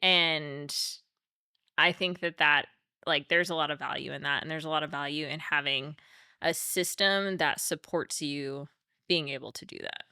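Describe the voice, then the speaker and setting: A woman's voice: low voice, moderate pace, sharp tone, smooth, no room sound, clean studio sound. A young adult woman, co-host of a mental health podcast, talking candidly and emotionally with many fillers. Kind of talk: candid conversational podcast talk.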